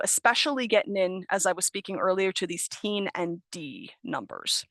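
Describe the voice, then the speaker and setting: A woman's voice: medium pitch, a bit bright, no room sound. A young adult woman from the United States, an ESL teacher giving an online training talk, explaining patiently and correcting herself as she goes. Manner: explanatory, self-correcting, light laughs. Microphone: video call.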